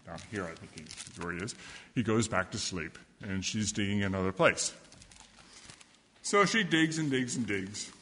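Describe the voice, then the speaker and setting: A man telling a story to children in a service, lively and asking them questions. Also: lowish voice. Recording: echoey hall with long reverb.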